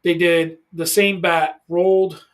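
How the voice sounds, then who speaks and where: A man in his forties hosts a casual podcast chat from a studio, with a voice sitting a little higher than most men's. He tells stories with lots of energy and gets loud when he acts out what people said. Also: takes it slowly. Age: 40s. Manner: animated storyteller, loud when acting out quotes. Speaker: podcast host.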